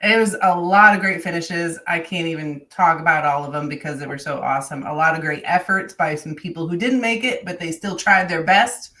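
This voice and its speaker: Bright-voiced female podcast co-host. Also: lowish voice. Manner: upbeat, chatty storytelling. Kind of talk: casual chat. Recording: voice a bit far from the mic.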